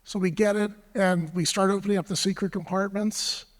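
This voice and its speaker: High-voiced dealer telling a story. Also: male voice, fairly even intonation, fairly quick, slight background noise. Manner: anecdotal, with fillers and throat clearing. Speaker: antiques dealer. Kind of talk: panel discussion storytelling. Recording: long reverb of a large hall.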